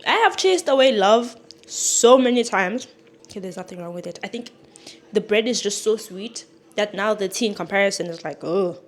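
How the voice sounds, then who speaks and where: A woman's voice: medium pitch, animated, normal speed. A young woman vlogger chatting frankly while she cooks and eats, swearing now and then, with sniffles and sudden emphatic bursts. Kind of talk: casual chat while cooking and eating. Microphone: clip-on mic.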